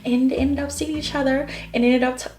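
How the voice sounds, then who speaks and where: A woman's voice: sits high, fairly even intonation, brisk, a little mellow, a little hiss or hum. A young woman chatting casually at home about books she read, bubbly and rambling, with lots of fillers and laughter. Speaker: book vlogger. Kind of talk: casual book review chat. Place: home, near kitchen. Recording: echoey room.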